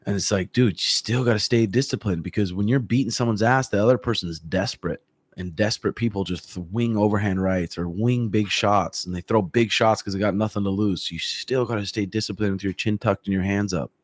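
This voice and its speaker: A man who works as a fight coach, chatting casually on a livestream and answering viewer comments in a relaxed, profane way, often clearing his throat. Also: fairly low pitch, a little fast, dry recording. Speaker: MMA coach. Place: room at home.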